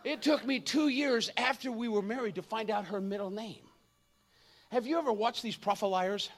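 A man in his fifties preaching an energetic, comedic sermon, joking and acting out voices. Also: high voice, moderate pace. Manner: animated, jokey, acts out voices, shouts at times.

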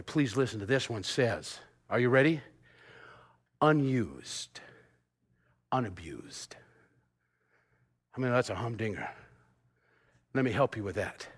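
Pastor in his fifties, male, preaching with playful swings from loud laughter to near-whisper. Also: medium pitch, breathy edge. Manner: animated preacher, bursts into sung snippets and laughter, drops to hushed tones. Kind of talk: sermon.

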